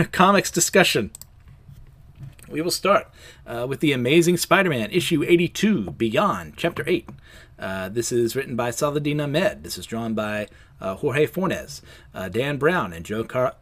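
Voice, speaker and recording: A man's voice: mid-range voice, expressive, measured pace, fairly bright tone. A man hosting a casual, unedited review show, rambling loosely with many fillers and self-mocking laughs. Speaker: host of a comics review show. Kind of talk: casual review chat, recounting a comic.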